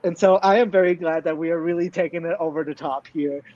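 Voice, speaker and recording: A man's voice: fairly high pitch, fairly even intonation, fast talker, a little mellow, no room sound, muffled recording. A man co-hosting a casual recap podcast, blunt and emphatic, swearing freely. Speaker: podcast co-host.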